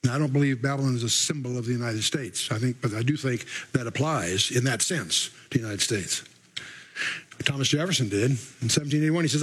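An older man with a husky voice teaching a Bible lesson, reading scripture with emphasis and adding casual asides. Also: medium pitch, fairly quick, a bit bright, rough recording. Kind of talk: sermon.

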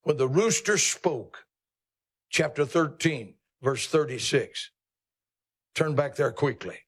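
A male pastor preaches a sermon in an emphatic, folksy, teasing style, jumping his pitch up for emphasis. He is expressive and slow, his voice slightly rough.

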